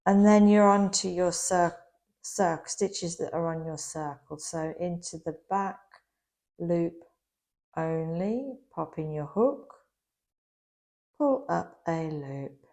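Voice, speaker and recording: Slow, gravelly-voiced woman teaching crochet. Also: fairly low pitch, warm tone. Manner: slow, patient, instructional. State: slightly losing her voice. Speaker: crochet instructor. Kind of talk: step-by-step craft tutorial.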